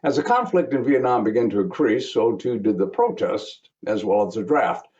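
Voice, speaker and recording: A man's voice: medium pitch, lively intonation, normal speed, a little mellow, muffled recording. A man in his seventies giving a remembrance speech as a guest speaker, telling a personal story with wry asides. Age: 70s.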